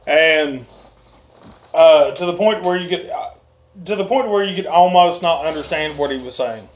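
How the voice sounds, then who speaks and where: A man's voice: a little high, measured pace. A man hosting a casual live stream, chuckling often as he reads out viewer comments. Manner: chuckles often while reading comments aloud. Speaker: livestream host reading chat.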